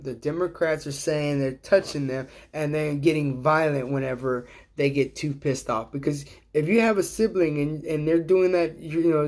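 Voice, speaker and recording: A man's voice: a little high, darkish tone. A middle-aged man hosting a casual livestream, talking in a rambling, profane way and chuckling at his own jokes. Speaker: livestream host.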